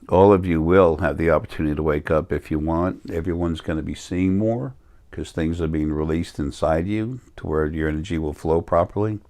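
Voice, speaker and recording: Deep-voiced man rambling on spirit. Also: moderate pace, a little mellow. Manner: meandering, self-correcting, earnest. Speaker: spiritual teacher.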